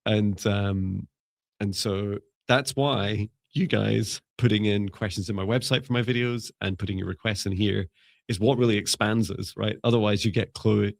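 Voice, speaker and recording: A man with a low, gravelly voice chats on a live stream, rambling and musing and breaking into laughter. The sound is dry and close, with no room echo. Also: fairly even intonation, moderate pace. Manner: rambling, musing, laughs often, self-correcting. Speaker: psychic mentor and live show co-host. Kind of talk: casual live-stream chat.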